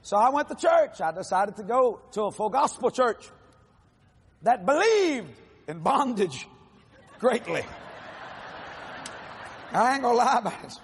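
A man in his sixties preaching a testimony sermon, telling his story in a lively, animated way and acting out the voices of others, with casual folksy grammar. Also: very high-pitched, a little slow, long pauses, long reverb tail, slight background noise. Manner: animated storytelling, acts out quotes.

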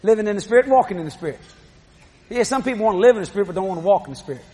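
A middle-aged man preaching a sermon, telling lively stories with laughing asides. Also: high-pitched, very fast. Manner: storytelling, animated, laughing asides.

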